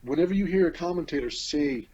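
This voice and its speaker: A man's voice: on the high side, quick pace, a little mellow, husky. A tired man from Canada, talking bluntly and profanely as a podcast guest over the phone. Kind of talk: casual ranting chat. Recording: muffled phone line.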